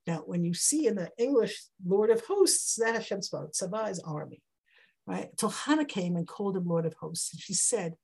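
A woman's voice: mid-range voice, animated, normal speed, creaky, a little mellow, husky. A woman teaching a Torah class in a conversational, heartfelt way. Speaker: Bible teacher.

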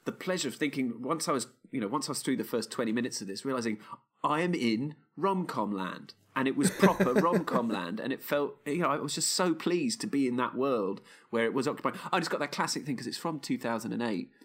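A man's voice: mid-range voice, animated, brisk, a bit bright. A man co-hosting a casual film podcast, talking in a wry, rambling way and often breaking off mid-sentence. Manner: wry, rambling, self-interrupting. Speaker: podcast co-host.

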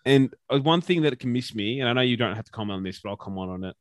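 A man's voice: medium pitch, animated, very fast, no echo. A man with an Australian accent talking sports in a casual podcast chat, opinionated and ranting, with some swearing. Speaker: podcast co-host.

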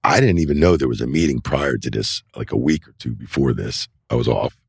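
A man's voice: extremely low pitch, fairly quick, slightly rough, dry recording, clean studio sound. A middle-aged man, a wrestling referee, telling loose anecdotes in a casual interview and filling them with "you know" and "like.". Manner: animated anecdotes, acts out quoted voices. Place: indoor interview set.

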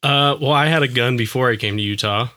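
A man's voice: medium pitch, a little fast, pushed and bright. A man from California chatting casually and joking as a podcast co-host. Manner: joking, self-conscious laughing asides. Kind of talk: casual chat.

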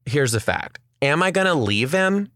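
Speaking at a moderate pace in a low-pitched voice, a young woman podcaster chats casually through a lively anecdote, performing the quotes and swearing liberally. The studio-quality audio has no echo.

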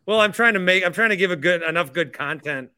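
Man hosting a podcast, bright clear voice, a bit high, teasing casual banter. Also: fast talker. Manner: joking, teasing callers. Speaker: podcast host. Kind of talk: casual call-in chat.

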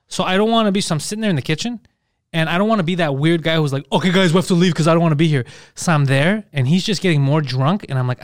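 A man telling a party story in casual chat, profane and animated, acting out other people's lines. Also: a little high, racing, no echo, studio quality.

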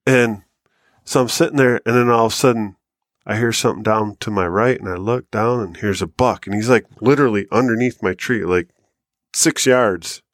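A man co-hosting a hunting podcast, telling long stories in a loose, animated way and swearing freely. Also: lowish voice, moderate pace, no room sound, studio quality. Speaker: podcast co-host. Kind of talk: casual storytelling chat.

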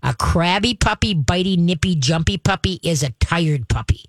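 A woman dog trainer fields a caller's questions on a radio advice show, in a dry, close studio sound. She talks briskly and firmly, with quick asides, and now and then drops her voice into a slow, deep growl to show how a command should sound. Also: animated, no room sound.

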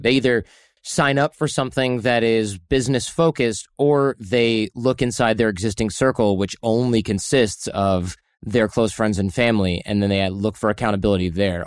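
Male interview host, thoughtful and measured, dry studio sound. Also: lowish voice, dry recording. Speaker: podcast host. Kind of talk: conversational interview.

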